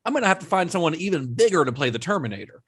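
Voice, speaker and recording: A man's voice: fairly high pitch, racing, husky. A man co-hosting a casual film podcast, recounting production history at an easygoing pace with occasional fillers. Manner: relaxed storyteller with occasional fillers. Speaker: podcast co-host. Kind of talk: casual chat.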